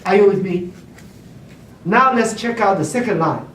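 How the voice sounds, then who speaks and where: A man's voice: high-pitched, expressive, normal speed, a bit bright, distant mic. A man teaching classical Chinese poetry to a class, keeps checking that the students follow, and hums examples. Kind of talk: classroom lecture. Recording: roomy classroom recorded from afar.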